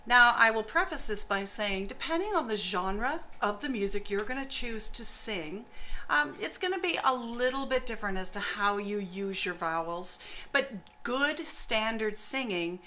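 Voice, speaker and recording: A woman voice teacher explaining singing vowels, with warm encouragement, often drawing out or singing the sounds she demonstrates. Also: a little high, animated, normal speed.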